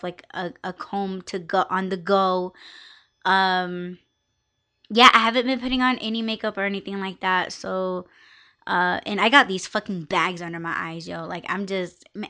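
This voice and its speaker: A young woman talks through her week on her own podcast, casual and unfiltered, swearing freely and rambling with plenty of fillers. Her voice is bright and a little sharp, sitting in a middle range for a woman. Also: medium pitch, clean tone. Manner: candid, profane, rambling with lots of fillers. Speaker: podcast host. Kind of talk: casual solo podcast chat.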